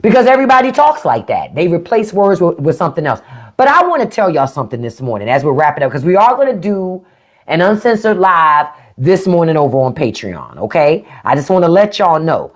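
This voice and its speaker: A woman's voice: lowish voice, brisk. A middle-aged woman with a DC-area accent, hosting a casual live stream and talking bluntly with plenty of swearing. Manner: blunt, profane, animated. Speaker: podcast host. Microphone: phone or desk mic on a live stream.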